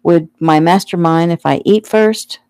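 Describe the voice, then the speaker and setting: A woman reading the lines of a kind, tired middle-aged father in a storybook, with a gentle, teasing manner. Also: on the low side, measured pace, dry recording, studio quality. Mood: playful.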